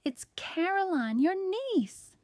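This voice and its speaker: A fiery, warm-hearted baker woman, as a woman reader plays her, loud and theatrical, pitched higher and pushed harder than plain narration. Dry, close recording with no room. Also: animated, takes it slowly, dry recording. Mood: exasperated. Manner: exasperated, theatrical.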